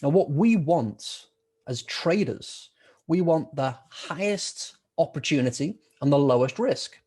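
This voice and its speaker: A middle-aged man runs a live online trading class, talking in a loose, chatty way. His voice sits a little high, and he keeps repeating words and restarting his sentences. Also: lively intonation, unhurried, warm tone, breathy edge. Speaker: trading educator.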